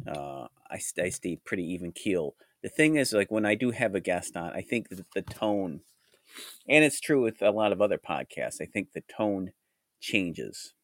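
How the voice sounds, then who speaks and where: A man hosting a solo podcast with a groggy, hoarse voice from a cold, talking in a rambling, reflective way. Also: low-pitched, big pitch swings, moderate pace, dry recording, clean studio sound. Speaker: podcast host. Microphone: studio mic.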